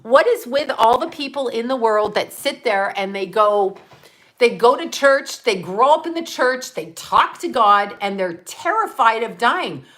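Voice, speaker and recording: Blunt, profane woman with a bright voice. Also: a little high, lively intonation, measured pace. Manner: blunt, profane and rambling, laughs at own jokes. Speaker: channel host. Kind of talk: casual live-stream monologue.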